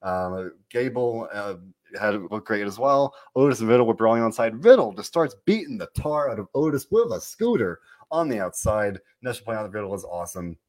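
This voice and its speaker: A man hosting a casual wrestling podcast, talking in an animated, rambling way and often cutting himself off. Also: lowish voice, a little fast. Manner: rambling, animated, self-interrupting. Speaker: podcast host. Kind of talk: casual wrestling recap chat.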